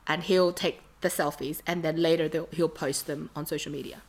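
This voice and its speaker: Aussie lady rambling thru a story, kinda low voice, lots of ums. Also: steady tone, normal speed, darkish tone. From Australia. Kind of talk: casual chat.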